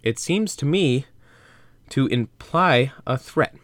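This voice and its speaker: A man voicing an earnest young female sleuth in a storybook read-aloud, slow and careful. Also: medium pitch, lively intonation, a bit bright, no room sound, pitched above the performer's own voice.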